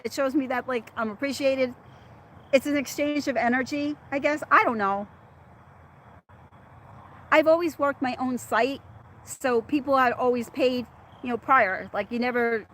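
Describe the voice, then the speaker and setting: A woman's voice: fairly high pitch, fairly bright tone, slight background noise. A middle-aged woman hosting a casual livestream, chatting and laughing as she answers commenters by name. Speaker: livestream host reading viewer chat.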